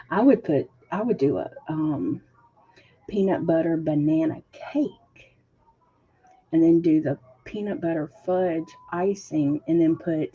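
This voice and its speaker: Husky woman chatting with viewers. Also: sits low. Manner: chatty, laughs often, reads chat aloud. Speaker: livestream host reading viewer comments. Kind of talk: casual livestream chat. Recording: dull lo-fi stream audio.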